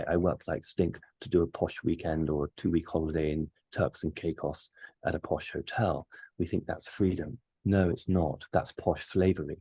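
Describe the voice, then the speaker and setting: A man's voice: sits low, mellow, breathy edge, no room sound. A man, the show's resident astrologer, talking earnestly and emphatically in a casual conversation. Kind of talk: casual chat.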